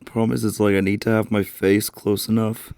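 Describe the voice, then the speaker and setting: A man with a sick, hoarse voice chatting casually and mumbling to himself as he streams while papercrafting. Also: little pitch movement, a little fast, darkish tone. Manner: low-key, mumbling, thinking aloud.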